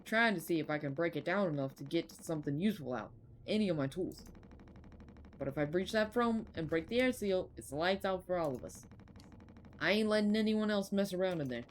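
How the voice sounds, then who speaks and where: A woman's voice: on the low side, lively intonation, brisk, slight background noise, lightly acted. A woman voicing a bitter middle-aged male mechanic in a put-on accent, grumbling and scornful. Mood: gruff. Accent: put-on regional accent.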